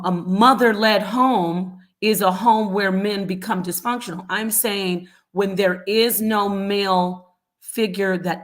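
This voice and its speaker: A middle-aged woman, a mother, hosting a live stream and answering chat comments with animated, repetitive explanations. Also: mid-range voice. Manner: animated, acts out quoted voices, repeats points.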